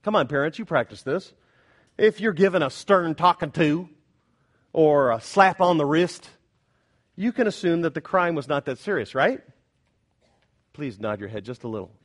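Delivering a Sunday sermon, this pastor has a slightly high, animated voice and speaks at normal speed. His emphatic preaching moves from loud proclamations to quiet, prayerful stretches, and he often questions the congregation directly.

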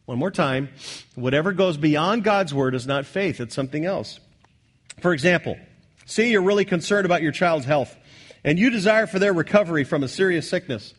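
A man preaching a sermon in a church, earnest, repeating key lines and swinging from loud declarations to soft asides. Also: fairly high pitch, animated, moderate pace, husky. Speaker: pastor.

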